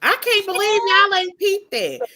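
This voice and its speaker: A woman's voice: extremely high pitch, lively intonation, unhurried, creaky, pushed and bright. A woman from the American South, co-hosting a podcast in a casual, blunt recap chat. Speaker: podcast co-host.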